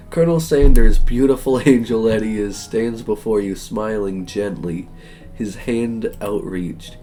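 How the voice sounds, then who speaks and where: Young man, streamer, let's-play narration, animated and joking, mellow voice, faint music behind. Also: mid-range voice, unhurried. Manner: animated, joking and gushing, reads game text aloud.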